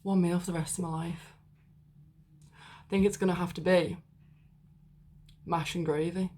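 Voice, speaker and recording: A young woman talks casually to her camera, rambling and filling her sentences with "like". Her voice is husky and sits fairly low. It sounds like an easygoing home vlog. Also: little pitch movement, unhurried, dark tone. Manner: chatty, rambling with lots of "like". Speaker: vlogger. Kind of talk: casual chat.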